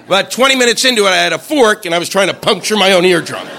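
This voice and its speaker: A man doing stand-up in a high, bright voice that swings wildly up and down. He rants and swears, bursting into shouted mock quotes. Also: animated, racing, slight background noise. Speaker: stand-up comedian. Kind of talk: stand-up comedy routine.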